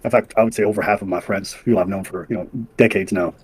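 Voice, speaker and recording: A man from Montreal hosting a casual interview, relaxed, with many fillers and easy laughter. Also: fairly low pitch, fast talker, slightly rough. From Montreal, Canada. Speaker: podcast host.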